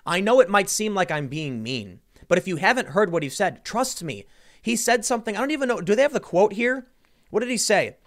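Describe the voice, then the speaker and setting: Animated man in political commentary. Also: high-pitched, brisk. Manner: animated, incredulous, rambling with restarts.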